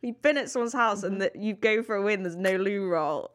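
A woman's voice: mid-range voice, a little fast. A woman co-hosting a podcast in casual chat, cheeky and giggly, reading out listener stories. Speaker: podcast co-host.

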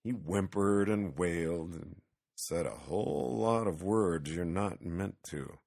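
A man reading a children's Christmas story aloud with lively, expressive storytelling. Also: sits low, slow pace, vocal fry. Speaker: narrator.

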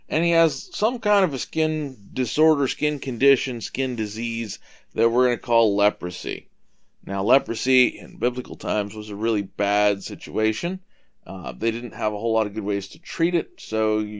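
A man's voice: fairly low pitch, clear, resonant tone. A man hosting a show where he casually retells Bible stories, explaining as he goes. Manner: relaxed, explaining with asides. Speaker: storytelling dad, show host.

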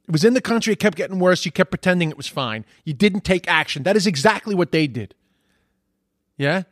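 Sweary ranting man, indignant, fairly high voice, dry close sound. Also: dry recording. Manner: indignant, sweary, repeats himself when heated. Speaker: commentator reacting to posts. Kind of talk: profane rant reacting to social media posts.

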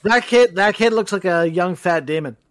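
Brief: high-voiced male co-host tossing offhand asides. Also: normal speed, no room sound. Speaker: podcast co-host. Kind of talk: casual movie riffing chat.

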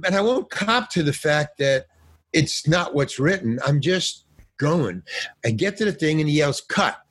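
An older man spins a casual anecdote in a slightly raspy voice that sits a bit high. His pitch swings widely as he acts out the people in his story, and he drops slang and the odd curse word. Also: unhurried. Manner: animated storyteller, acts out other people's lines; swears and uses casual slang. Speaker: guest actor.

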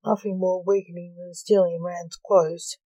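A woman's voice: lowish voice, level tone, normal speed, warm tone, dry recording, lightly acted, low-quality recording. Woman reading as a sarcastic glowing young man. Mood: sardonic. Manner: sarcastic, dry jokes.

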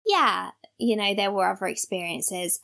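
A woman with a gravelly edge to her voice tells a spooky tale to a friend. She speaks casually and with animation, laughing now and then and acting out the people in her story. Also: medium pitch, lively intonation, moderate pace, pushed and bright. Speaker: podcast co-host.

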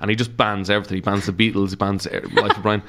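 Irish man, comedian guest, lowish voice, chatty storyteller, casual podcast chat. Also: level tone, racing, fairly bright tone. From Ireland. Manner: chatty, laughing storyteller, sweary.

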